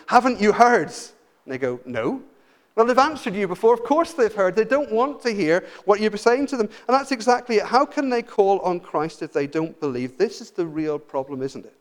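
A man preaching a sermon, moving from emphatic, raised points to quiet, pleading appeals. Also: on the high side. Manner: passionate, swings from loud emphatic to hushed pleading.

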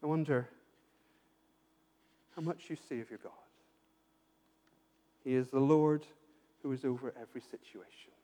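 A man's voice: medium pitch, unhurried, pauses often, mellow. A man preaching a sermon, earnest and pastoral, asking his listeners rhetorical questions and often repeating himself as he builds a point. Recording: long hall reverb.

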